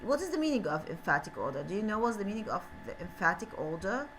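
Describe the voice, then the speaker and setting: A woman's voice: mid-range voice, sing-song, quick pace, a bit bright, soft background music. A woman with an Iraqi Arabic accent lecturing an English class, switching between English and Arabic and repeating questions to her students. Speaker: university English teacher.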